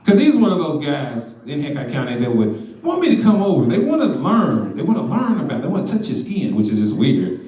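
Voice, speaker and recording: A man in his forties doing stand-up comedy on a comedy club stage, telling stories in an animated, profane way. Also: fairly high pitch, fairly quick. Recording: roomy club sound, distant mic.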